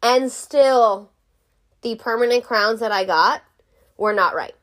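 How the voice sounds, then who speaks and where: A woman's voice: fairly high pitch, takes it slowly. A woman vlogger telling a story to camera in a casual way. She is frank, jokey and swears freely.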